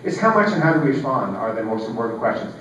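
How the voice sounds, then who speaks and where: A man's voice: medium pitch, very animated, fast talker, a bit bright. A man in his forties giving a conference keynote, talking conversationally with lots of fillers and wry asides. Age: 40s. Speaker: keynote speaker, geological scientist. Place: large hall. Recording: echoey hall, distant and dull.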